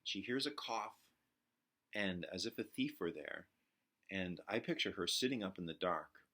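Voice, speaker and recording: A man gives a reflective lecture on poetry to his class. His voice sits deep yet carries a bright, forceful edge. He pauses often and fills gaps with soft hesitations as he thinks aloud. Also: lively intonation. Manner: reflective, halting with frequent fillers. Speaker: literature teacher.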